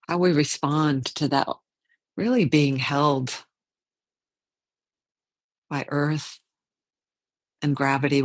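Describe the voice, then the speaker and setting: In a medium-pitched voice, a yoga teacher unhurriedly guides a gentle session of slow movement and meditation, musing aloud and correcting themself as they go.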